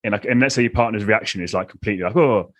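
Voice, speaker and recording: Fast-talking, blunt man. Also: fairly low pitch, fairly bright tone, dry recording. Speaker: podcast host. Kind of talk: casual podcast conversation.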